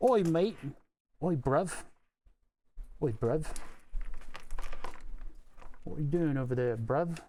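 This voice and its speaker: A man's voice: a little high, expressive, slow, pauses often, warm tone, slight background noise. A man doing a jokey cockney lad calling out. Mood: teasing. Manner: jokey, repetitive calls. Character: mock cockney lad hailing someone.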